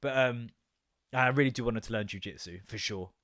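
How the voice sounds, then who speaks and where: This man hosts a podcast, speaking at medium pitch and a little fast. He tells a story as a casual, sweary rant, animated throughout and mimicking voices in his anecdotes.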